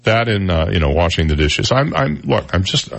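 A low-voiced man hosting a radio talk show in a dry studio sound. He rambles through old jokes and pokes fun at himself when he loses his place. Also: very animated, moderate pace, vocal fry, dry recording. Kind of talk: casual on-air chat and joke telling.

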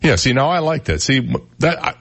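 A man's voice: on the high side, very animated, fairly quick, fairly bright tone. A man co-hosting a radio show in casual banter, reading news stories aloud and joking about them. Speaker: radio co-host. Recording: radio broadcast.

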